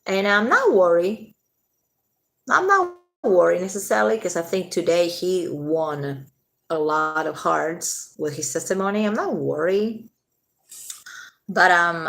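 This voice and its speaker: Gravelly-voiced woman chatting on a livestream. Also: fairly low pitch, lively intonation, unhurried, a bit bright. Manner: chatty, swears freely, answers chat comments. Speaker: livestream host chatting with viewers. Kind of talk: casual late-night livestream chat.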